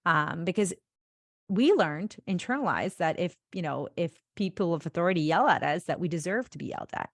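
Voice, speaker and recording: A woman's voice: lowish voice, animated, fairly quick, no room sound, studio quality. A woman hosting a podcast, chatting casually, with fillers and agreeing readily. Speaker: podcast host.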